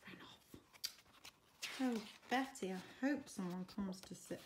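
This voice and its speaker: A woman teacher reading a picture book aloud for story time, expressive and stopping to ask the children questions. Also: mid-range voice, unhurried, background noise.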